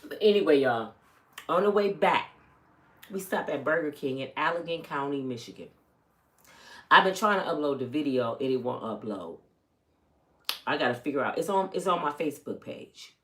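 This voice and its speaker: With a low-pitched voice at normal speed and long pauses, a middle-aged woman tells her viewers a personal story. She stays animated throughout, alternating loud and hushed tones and acting out whoever she quotes.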